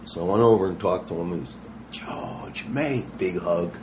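A man in his sixties with a fairly low voice, talking as a guest in a casual interview. He tells animated stories full of slang and acts out what others said, with a faint hum of noise behind him. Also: fast. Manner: animated, slangy storyteller who acts out quotes. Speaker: touring rock musician, guest.

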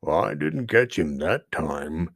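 Man voicing a slow, menacing storybook bear, deep growl, close dry sound. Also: sing-song, vocal fry, breathy edge, dry recording, full character voice. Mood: gruff. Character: big angry growling male bear.

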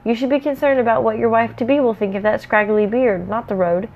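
A woman's voice: on the high side, fairly even intonation, a little fast, close to an everyday voice. A stern ranger captain with a dry, curt way of speaking, read aloud by a woman. He sounds commanding and wary of strangers. The recording is dull and lo-fi. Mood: cheerful.

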